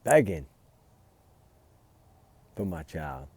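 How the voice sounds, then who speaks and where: A man vents in heated, emphatic commentary, his low voice rough with gravel. The tone is dark and dull. He talks outdoors at night beside a fire pit. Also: sing-song, extremely slow. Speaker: true-crime vlogger. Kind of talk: casual commentary.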